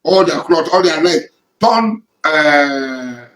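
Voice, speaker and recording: A man's voice: on the high side, animated, slow pace, fairly bright tone, reverberant, rough recording. A man with a Nigerian accent giving an angry, accusing public statement, confronting someone directly and repeating his points. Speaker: militant leader addressing rivals.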